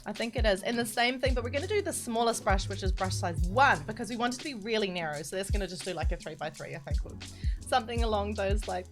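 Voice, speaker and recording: A woman's voice: mid-range voice, expressive, fast. Chatty Kiwi woman streaming over music. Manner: chatty, giggly, reads chat messages aloud. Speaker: streamer teaching map building. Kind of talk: casual live-stream chat. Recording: background music under the voice.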